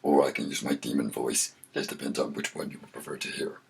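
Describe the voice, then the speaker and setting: A man voicing a deep, gravelly male demon in a menacing, drawn-out way. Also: fairly even intonation, exaggerated voice. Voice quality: gravelly, rasping.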